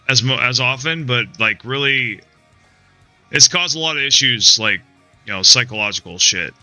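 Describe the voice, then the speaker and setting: A man's voice: medium pitch, pushed and bright, no room sound. A man streaming a video game live, talking casually in a rambling, profane, frustrated way, restarting his sentences and tagging them with "man" and "dude". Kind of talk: casual live-stream chat while playing.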